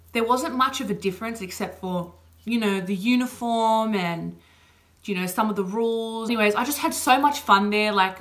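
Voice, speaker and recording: A woman's voice: mid-range voice, a bit bright. Young Aussie woman, vlog Q&A, open and emotional, lots of filler words. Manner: chatty, heavy on "like" and "you know" fillers. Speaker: vlogger. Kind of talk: casual personal Q&A.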